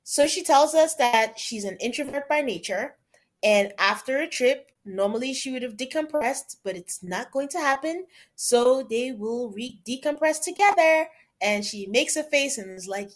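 A woman's voice: fairly high pitch, expressive, moderate pace. Chatty woman recapping reality TV. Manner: chatty, quotes people in put-on voices. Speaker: podcast co-host. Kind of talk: casual recap chat.

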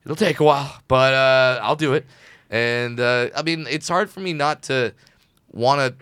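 Man from Southern California, animated storyteller, smooth and close-miked. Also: medium pitch, normal speed, dry recording. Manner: animated storyteller, acts out quotes. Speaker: guest comedian. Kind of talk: casual interview chat.

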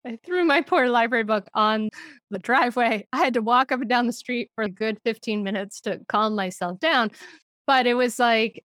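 A woman's voice: fairly high pitch, normal speed, no room sound, clean studio sound. A middle-aged woman, a podcast guest, telling parenting stories in casual talk, laughing often and acting out what she said. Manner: animated, laughs often, acts out quotes.

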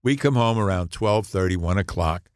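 An older man in his eighties tells a story with a lot of swing, his low voice rising and falling as he builds toward a punchline. He laughs at his own jokes. The sound is dry and close. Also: lively intonation, normal speed, darkish tone, dry recording. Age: 80s. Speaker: guest. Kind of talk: storytelling in a podcast interview.

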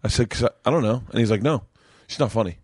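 A man's voice: medium pitch, quick pace, darkish tone, husky, no echo, studio quality. A male comedian hosting a podcast, telling chatty anecdotes and acting out the dialogue. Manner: chatty storyteller, acts out dialogue in his anecdotes. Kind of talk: casual podcast chat. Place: small home studio room.

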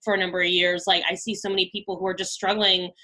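A woman's voice: fairly low pitch, flat delivery, fast, sharp tone. A woman in her thirties, a podcast guest chatting casually and filling her talk with "like" and "you know". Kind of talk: casual interview chat.

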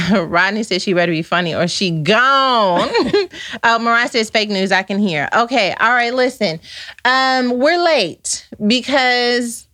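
Woman, podcast host, higher-pitched, loose chatty delivery, reads out comments. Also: lively intonation, measured pace, sharp tone. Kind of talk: casual live-stream chat.

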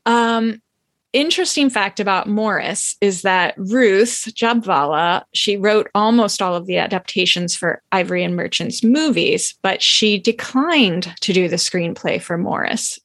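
A chatty woman co-hosts a podcast at an everyday middle pitch. She talks casually and animatedly, acting out quotes as she tells a story. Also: a bit bright, dry recording. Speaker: podcast co-host. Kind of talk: casual chat.

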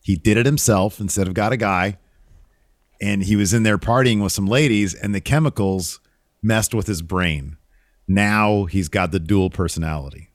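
Male podcast co-host, low voice, dry close mic, loose jokey rambling. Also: moderate pace, no room sound. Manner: rambling, jokey, many fillers. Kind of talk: casual wrestling recap chat.

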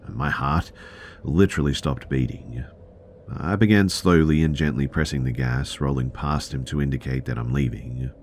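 A man reading a true scary story aloud in first person as a podcast narrator, at a steady, plain pace. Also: extremely low pitch, moderate pace, a little hiss or hum.

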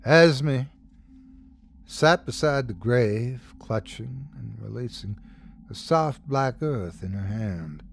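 A man's voice: mid-range voice, lively intonation, slow, vocal fry, a little hiss or hum. A man narrating a scary story as host, dramatic, swelling and dropping for suspense. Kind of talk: scripted horror story narration.

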